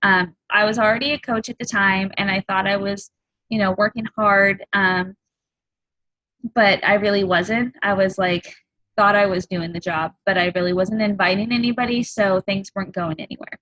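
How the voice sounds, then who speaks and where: A woman in her thirties tells her own story as a coach on a group call. She speaks openly and earnestly and stops often on ums. Her voice is bright and forward, and the sound is close and dry. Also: mid-range voice, fairly even intonation, no room sound, dull audio. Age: 30s. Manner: candid and earnest, halting with frequent ums. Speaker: fitness coach. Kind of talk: personal testimony on a group call.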